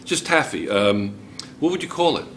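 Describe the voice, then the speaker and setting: American guy teaching chemistry, jersey accent, bright voice, keeps quizzing the class, bit of room noise. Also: lowish voice, big pitch swings, moderate pace. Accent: New Jersey. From United States. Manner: chatty, asks the class questions. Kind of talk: classroom lecture.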